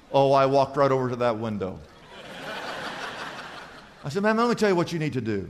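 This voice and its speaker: A man preaching a sermon as pastor, telling stories and dropping from loud to hushed. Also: mid-range voice, very animated, a little fast, pauses often, background noise. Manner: storytelling, swings from loud to hushed. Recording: long hall reverb.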